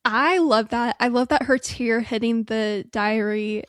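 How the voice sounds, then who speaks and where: A woman's voice: on the high side, measured pace, no room sound, clean studio sound. A young woman co-hosting a podcast in casual chat, agreeable and enthusiastic. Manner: agreeable, enthusiastic, uses like often. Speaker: podcast co-host.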